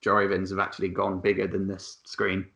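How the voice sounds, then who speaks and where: A man's voice: low-pitched, completely flat delivery, moderate pace, gravelly, fairly bright tone. A man hosting a casual online quiz among friends, chatty as he reads out questions and scores. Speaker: quiz host.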